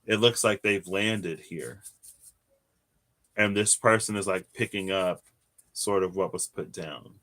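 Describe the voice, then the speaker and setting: A man's voice: low-pitched, takes it slowly, pauses often, sharp tone. A man doing a casual live tarot reading, chatty and given to laughing and wandering off into asides. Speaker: tarot reader.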